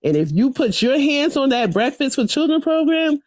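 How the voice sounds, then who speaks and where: A woman's voice: high voice, big pitch swings, normal speed, a little mellow, no room sound, clean studio sound, voice pushed up. A woman voicing a feisty older woman who defiantly scolds a police officer.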